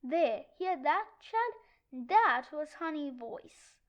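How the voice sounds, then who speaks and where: A woman's voice: high-pitched, lively intonation, slow, muffled recording. A young adult woman reading a children's comic book aloud, switching between the voices of many kid characters. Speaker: read-aloud narrator.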